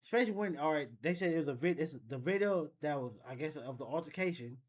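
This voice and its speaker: A man's voice: a little high, expressive, fast talker. A man hosting a reaction video, musing casually and thinking aloud with frequent restarts. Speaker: reaction channel host.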